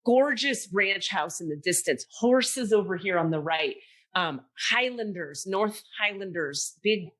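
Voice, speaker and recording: Animated, swearing woman telling a story. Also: medium pitch, measured pace. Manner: animated, profane, acts out quoted voices. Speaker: podcast host. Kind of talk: casual storytelling chat.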